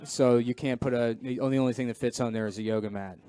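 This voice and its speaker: A man's voice: medium pitch, fairly even intonation, fast, dark tone, clean tone. A male stand-up comedian riffing in dry, sardonic on-stage banter.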